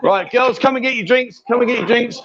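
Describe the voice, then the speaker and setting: A man's voice: extremely high pitch, a little fast, a crowd in the background. A man hosting a live stream from a bar, chatty and teasing, calling people sweetheart. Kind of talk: lively live-stream banter. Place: bar with a pool table. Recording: dull lo-fi stream audio.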